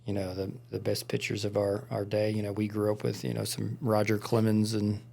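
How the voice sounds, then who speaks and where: Gravelly-voiced man telling stories. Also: fairly low pitch, monotone, brisk, a little mellow. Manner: rambling storyteller, lots of fillers. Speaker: podcast co-host. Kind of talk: casual chat. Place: studio.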